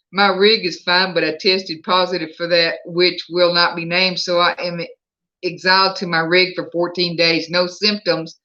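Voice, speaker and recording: This is a livestream host with a Southern US accent, talking casually from home. The voice sounds bright and forceful, and it moves from one viewer comment to the next in easy chatter. The audio is a little muffled and lo-fi. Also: medium pitch. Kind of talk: casual live chat. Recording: slightly dull lo-fi sound.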